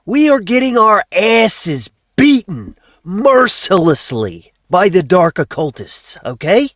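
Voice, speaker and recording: A man's voice: very high voice, dry recording, lo-fi sound, heavily acted. A man impersonating an exasperated anarchist speaker who scolds his audience and swears freely. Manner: scolding, profane, repeats "okay" and "folks". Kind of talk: comedic impression.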